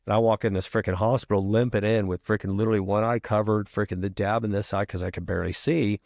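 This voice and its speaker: A middle-aged retired firefighter telling a long story as a podcast guest, casual and profane, peppering every sentence with "freaking". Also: male voice, on the low side, fairly even intonation, quick pace, creaky, darkish tone, dry recording, clean studio sound.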